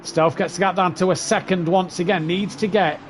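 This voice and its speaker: A man with a fairly high voice commentates an online sim race, chatting easily and reeling off positions and time gaps. A faint hiss of noise sits behind him. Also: steady tone, normal speed.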